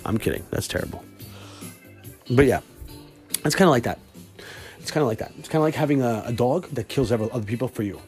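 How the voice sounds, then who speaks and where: A man hosting his own podcast, talking casually and swearing a lot as he tells animated workplace stories, then giving cooking tips more calmly and quietly. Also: mid-range voice, fast talker, long pauses, faint music behind. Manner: animated storytelling with lots of swearing. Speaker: podcast host. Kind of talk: casual monologue.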